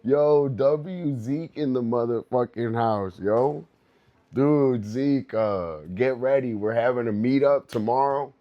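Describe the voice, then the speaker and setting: A man's voice: mid-range voice, takes it slowly, lo-fi sound. A young man livestreaming in loose, rambling casual chat, laughing often and calling his viewers dude and bro.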